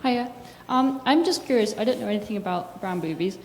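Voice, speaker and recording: A woman's voice: medium pitch, brisk. A woman in the audience asking a question, hesitant and searching for her words. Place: lecture hall. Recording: echoey hall with faint noise.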